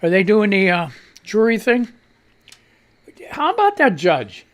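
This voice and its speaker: A man's voice: high-pitched, wildly swooping pitch, unhurried. A man from Missouri hosting a live radio show in a casual, rambling way, reading social media posts, laughing often and swearing freely.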